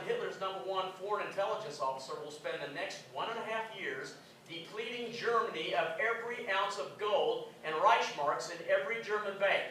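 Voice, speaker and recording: In an echoey conference hall, a male conference speaker gives an emphatic lecture, firing rhetorical questions at the audience. His high voice sounds pushed and bright. The mic is distant, and there's slight background noise.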